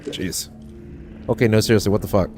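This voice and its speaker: A man's voice: on the low side, fairly quick, a little mellow, faint music behind. A man streaming a game, rambling casually, swearing and laughing often as he plays. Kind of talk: casual let's-play commentary.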